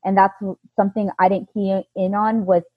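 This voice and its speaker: A woman being interviewed, telling her own story in an earnest, halting way with frequent restarts. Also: mid-range voice, level tone, breathy edge, no room sound, narrow, tinny audio. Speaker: interview guest.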